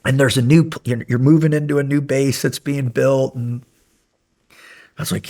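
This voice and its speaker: A man at a middle pitch tells an old story with real animation. He keeps slipping into the voices of the people involved and laughs as he goes. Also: moderate pace. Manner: animated, acts out remembered dialogue, laughs while telling. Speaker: guest, former special operations medic. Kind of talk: casual storytelling.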